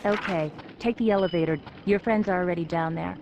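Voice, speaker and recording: A woman voicing a brisk young female scientist in a video game, speaking in a curt, businesslike way. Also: on the low side, close to an everyday voice. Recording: noisy game audio.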